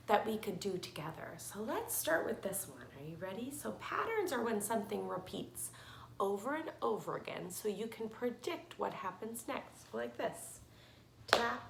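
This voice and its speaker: A woman who is a preschool teacher, leading a circle time for small children in a slow, sing-song, encouraging way. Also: fairly high pitch, gravelly. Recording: echoey room with faint background noise.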